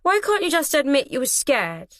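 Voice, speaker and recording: A woman's voice: fairly high pitch, very animated, moderate pace, fairly bright tone, no room sound, studio quality, voice pushed up. A woman reading an audiobook, voicing a playful teenage boy who keeps pressing and teasing. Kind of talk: audiobook character voice.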